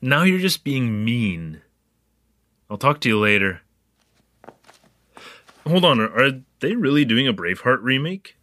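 A man's voice: medium pitch, measured pace, long pauses, no echo. A man playing a chatty young newcomer. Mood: playful. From Canada. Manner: animated, joking, wandering asides. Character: young male newcomer keeping a spoken diary, curious, chatty. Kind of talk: audio drama narration.

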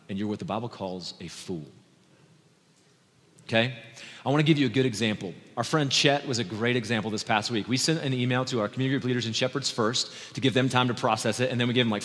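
A man preaching a sermon as pastor, talking in a conversational way that moves between quick asides and slow, quiet emphasis. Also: mid-range voice. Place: church sanctuary. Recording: long hall reverb from a church.

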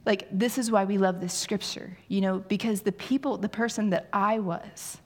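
A woman in her forties preaching a sermon with a candid, self-deprecating manner. She tells personal stories with lively animation. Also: medium pitch, moderate pace.

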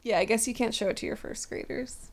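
A woman's voice: fairly high pitch, fast, gravelly. A woman co-hosting a podcast, easygoing in casual chat, mostly giving short agreeing replies. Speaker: podcast co-host.

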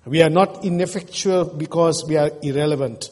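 A pastor preaches to his congregation with earnest feeling, often turning to them with questions. His voice sits a little high and sounds husky. A long church reverb trails after each phrase. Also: moderate pace, hardly any pauses, a little mellow. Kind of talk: sermon.

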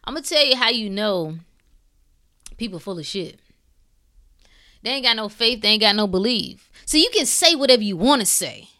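A woman hosting a podcast, speaking in a blunt, preachy way with swearing and shifting between calm talk and fired-up bursts. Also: medium pitch. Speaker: podcast host. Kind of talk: impassioned spiritual talk.

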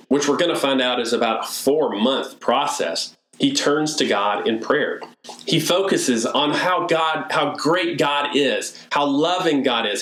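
A man preaching a sermon in a storytelling way, moving between hushed and lively delivery. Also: fairly high pitch. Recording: echoey room.

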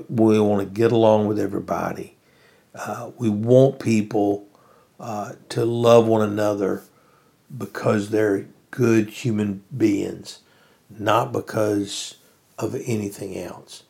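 Gravelly low-voiced man musing aloud. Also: darkish tone. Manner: rambling, earnest, frequent fillers and restarts. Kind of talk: casual spoken commentary.

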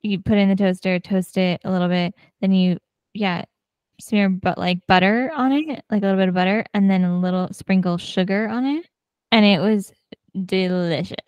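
A woman co-hosting a podcast in casual chat, talkative and quick to laugh. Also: mid-range voice, a little mellow, clear, resonant tone, dry recording, muffled recording. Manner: chatty, laughs often, many fillers. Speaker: podcast co-host.

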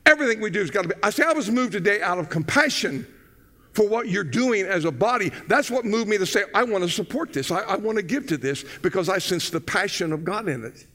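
Older male pastor, high-voiced, excitable storyteller. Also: quick pace. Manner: excitable, loud bursts, folksy storytelling. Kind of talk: sermon.

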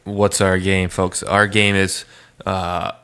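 A man's voice: low-pitched, level tone, takes it slowly, pushed and bright, clean tone. A man co-hosting a casual comedy podcast, loose and joking, who swears freely. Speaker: podcast co-host.

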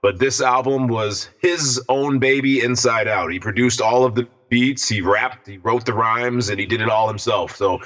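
A man's voice: mid-range voice, fairly even intonation, normal speed, hardly any pauses, a bit bright. A man co-hosting a podcast, talking in a laid-back, enthusiastic way. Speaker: podcast co-host. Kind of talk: casual podcast chat. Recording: dull lo-fi sound.

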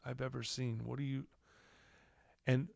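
A middle-aged man from Utah speaks earnestly as a podcast guest, his voice gravelly. He drops to a hushed tone when quoting others, recorded dry and close. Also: medium pitch, level tone, a little slow, no room sound. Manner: earnest storytelling, acts out quoted dialogue in a hushed voice. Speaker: guest telling his life story. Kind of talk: candid podcast conversation.

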